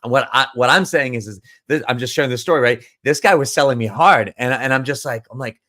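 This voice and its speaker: Brief: a man at a mid-range pitch, speaking as a business coach in a casual talk, rambling and emphatic with frequent restarts. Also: brisk, sharp tone. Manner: rambling, with many restarts and repeated words; emphatic and earnest. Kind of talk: casual storytelling monologue.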